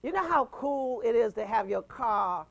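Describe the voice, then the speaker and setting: A man in his fifties giving an animated, punchy motivational talk to a mastermind group, chuckling between points. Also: extremely high pitch, measured pace, gravelly, highs cut off. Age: 50s.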